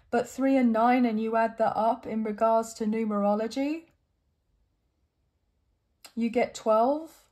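Soft-toned woman giving an encouraging tarot reading. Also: a little high, fairly even intonation, takes it slowly, long pauses. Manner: warm, encouraging, emotional, gets choked up. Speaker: tarot reader.

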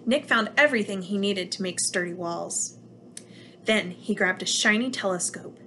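A preschool teacher reads a picture book aloud to young children, telling the story with plenty of expression. Her voice sits at a middle pitch. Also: moderate pace, pushed and bright, slight background noise.

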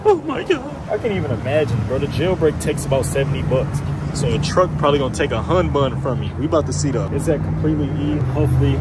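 Slangy young man vlogging from a truck. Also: mid-range voice. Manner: slangy, profane, laid-back. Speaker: car vlogger. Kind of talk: casual vlog while driving. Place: in and around a pickup truck, outdoors. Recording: car and traffic noise behind.

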